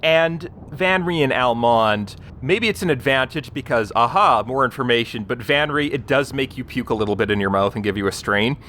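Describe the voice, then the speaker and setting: A man narrating as game master of a tabletop game, halting and hesitant with many fillers. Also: mid-range voice, a bit bright, slight background noise.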